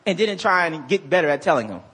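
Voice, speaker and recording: A male pastor preaching a sermon in an animated, conversational way, full of slang and quick restarts. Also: on the high side, breathy edge.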